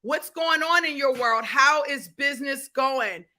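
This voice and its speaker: A woman's voice: high voice, unhurried, bright, forceful tone. A woman hosting a livestream business class, hyping up her viewers, greeting them by name and repeating her key points. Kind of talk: energetic livestream coaching.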